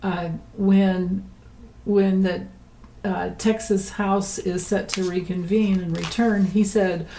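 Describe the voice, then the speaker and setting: A woman's voice: medium pitch, level tone, slow, warm tone, a little hiss or hum, low-quality recording. A woman giving a casual political tarot reading, chatty and rambling, often laughing between points. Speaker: tarot reader.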